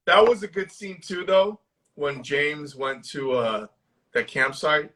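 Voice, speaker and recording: A man co-hosting a casual horror movie chat, talking in an excitable, profane way and laughing often. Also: fairly high pitch, slow pace. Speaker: co-host of a horror movie discussion.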